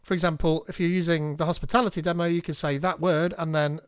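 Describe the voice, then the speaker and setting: A man hosting a live tech tutorial, reading instructions aloud and thinking out loud as he goes. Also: fairly high pitch, fairly even intonation, quick pace, smooth, no room sound, studio quality. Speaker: tech streamer.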